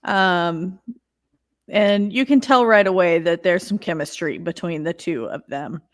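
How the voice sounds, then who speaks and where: A woman's voice: lowish voice, measured pace. A woman co-hosting a podcast, chatting casually and acting out her reactions to scenes. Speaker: podcast co-host. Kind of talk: casual chat.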